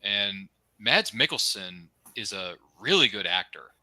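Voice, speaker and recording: A young man co-hosting a casual fan podcast, gushing with enthusiasm and tossing in quick asides and pop-culture jokes. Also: lowish voice, expressive, bright, forceful tone, no echo. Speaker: podcast co-host.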